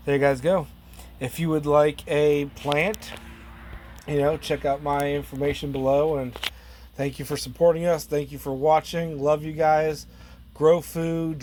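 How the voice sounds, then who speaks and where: A relaxed man talks his way through a gardening vlog at an ordinary middle pitch. He rambles loosely, filling pauses with fillers and wandering into trailing asides. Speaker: plant grower and channel host.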